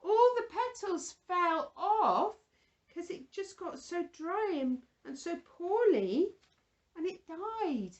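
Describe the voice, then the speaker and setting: A woman leads a Bible lesson for small children and chats with a puppet friend. Her voice sits high and swoops up and down, and she takes her time over each word, in the soft, exaggerated manner of someone talking to toddlers. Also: sing-song, takes it slowly, muffled recording. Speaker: children's church presenter.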